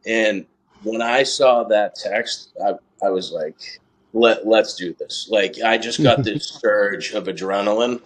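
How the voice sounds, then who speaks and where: A man in his thirties, a podcast guest, telling a story in a casual interview, earnest and emotional, halting with many fillers. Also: fairly low pitch.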